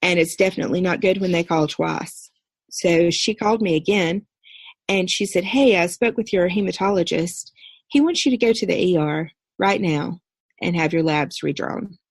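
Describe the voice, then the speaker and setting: A woman in her thirties, a podcast guest, earnestly telling a personal story in a steady recounting way. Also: lowish voice, moderate pace, husky, dry recording. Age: 30s. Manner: earnest, steady recounting with brief quoted dialogue.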